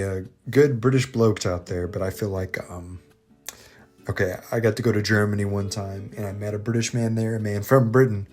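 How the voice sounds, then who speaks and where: A man with a fairly low voice talks through history in a casual, irreverent way, wandering into jokes and asides. Soft guitar music plays faintly behind him. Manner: irreverent, digressive, jokey. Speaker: history video host. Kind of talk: casual commentary.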